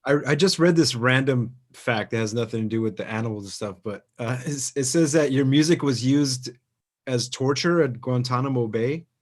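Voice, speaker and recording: Relaxed male podcast host. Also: medium pitch, normal speed. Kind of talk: casual interview chat.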